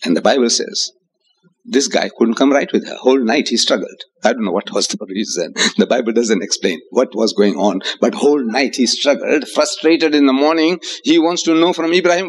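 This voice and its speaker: A man's voice: mid-range voice, normal speed, long reverb tail, low-quality recording. A man giving an emphatic religious debate lecture, posing rhetorical questions and quoting scripture. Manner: emphatic, rhetorical, quotes scripture in Arabic and English.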